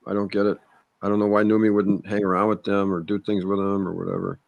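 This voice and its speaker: A man with a somewhat low voice talks in an online voice chat. He sounds baffled and keeps saying he can't make sense of things. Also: level tone, fast talker, vocal fry, muffled recording, a little hiss or hum.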